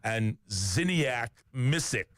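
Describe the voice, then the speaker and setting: A man's voice: mid-range voice, expressive, slow pace, fairly bright tone, no room sound. A man co-hosting a radio talk show. He reads sports news in a conversational way, with frequent "uh" fillers and self-corrections.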